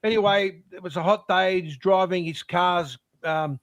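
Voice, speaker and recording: Man, joke-teller, rambling, halting, fairly high voice, dry sound. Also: fairly bright tone, dry recording. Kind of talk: telling jokes.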